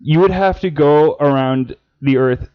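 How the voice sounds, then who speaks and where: A man in his twenties chatting on a podcast as co-host, excitable, swearing and restarting his sentences. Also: a little high, a little slow, clean tone. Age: 20s. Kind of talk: casual chat. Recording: dull lo-fi podcast audio.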